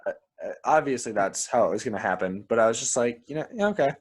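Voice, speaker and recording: A man's voice: mid-range voice, animated, fast talker, husky. A man co-hosting a film podcast, chatting casually and with strong opinions, often repeating his first words as he starts a sentence. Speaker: podcast co-host. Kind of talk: casual film review chat.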